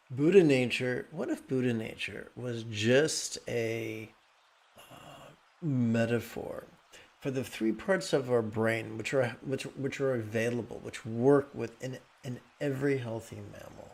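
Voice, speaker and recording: Gravelly calm meditation teacher. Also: male voice, mid-range voice. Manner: calm, explanatory, with frequent restarts. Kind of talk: meditation talk.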